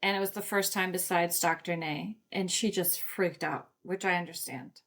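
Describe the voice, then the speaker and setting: A woman's voice: fairly low pitch, steady tone, normal speed, fairly bright tone. A woman guest on a podcast, candidly retelling events and acting out quoted dialogue. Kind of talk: casual storytelling interview.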